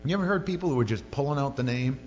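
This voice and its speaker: A man's voice: mid-range voice, very fast, darkish tone, slight background noise. A male pastor preaching a sermon in a conversational, joking way with many asides. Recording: lo-fi sermon recording in a reverberant hall with faint music.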